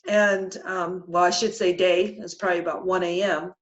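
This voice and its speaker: A middle-aged woman telling her own spiritual experience as a podcast guest, earnest and halting, with many restarts. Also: on the low side, level tone, lo-fi sound. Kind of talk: emotional personal storytelling.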